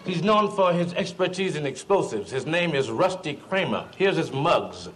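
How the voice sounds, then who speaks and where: A weary police captain. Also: male voice, a little high, very animated, moderate pace, fairly bright tone. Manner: matter-of-fact briefing.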